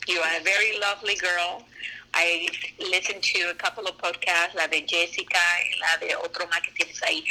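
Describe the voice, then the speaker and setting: Bright-toned older Cuban woman storyteller. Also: medium pitch, low-quality recording. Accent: Cuban Spanish. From Cuba. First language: Spanish. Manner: animated, anecdotal storyteller. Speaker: actress guest. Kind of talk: casual interview chat.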